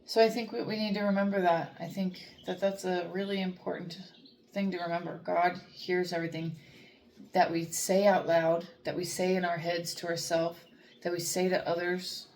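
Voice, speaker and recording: A woman who trains dogs speaks earnestly and rambles, restarting her sentences as she talks about faith. Her voice sits on the low side with a gravelly edge. A faint hiss of noise runs underneath. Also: flat delivery, moderate pace, a little mellow. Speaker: dog trainer. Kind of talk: reflective faith talk to camera.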